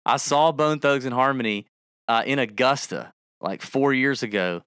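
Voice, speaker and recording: A man chatting casually as a podcast co-host, his voice bright and crisp. He gets animated and slips into rap impressions. The sound is dry and close, with no room around it. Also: mid-range voice, moderate pace, no echo. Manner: animated, breaks into rapping and song impressions. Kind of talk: casual podcast chat with ad read.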